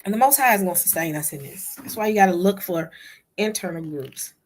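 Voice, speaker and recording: A woman's voice: on the low side, animated, fairly quick, slight background noise. A woman hosting a live stream, chatting casually and retelling a conversation to her listeners. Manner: chatty, addresses listeners as "y'all". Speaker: host.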